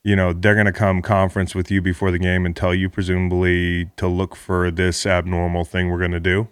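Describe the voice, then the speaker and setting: A man interviewing a guest in casual chat, playful and quick to laugh. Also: low-pitched, monotone, smooth, no echo, clean studio sound. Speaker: interviewer, former player.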